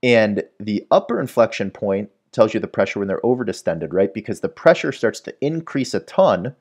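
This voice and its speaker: A man's voice: lowish voice, expressive, moderate pace, a little mellow, husky. A man teaching a medical whiteboard lesson, explaining step by step and often checking in with the listener. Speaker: medical educator. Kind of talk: whiteboard lecture.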